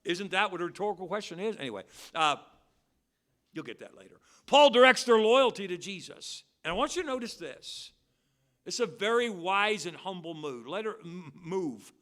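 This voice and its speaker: A man preaching as pastor at a midweek church service, swinging between loud, drawn-out stressed words and quiet, quick asides. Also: high-pitched, lively intonation. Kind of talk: expository sermon. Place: church sanctuary.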